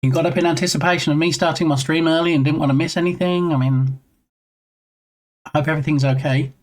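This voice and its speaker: A man's voice: a little high, fairly even intonation, quick pace. Chatty self-deprecating male streamer. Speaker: streamer and game developer. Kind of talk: casual live-stream chat.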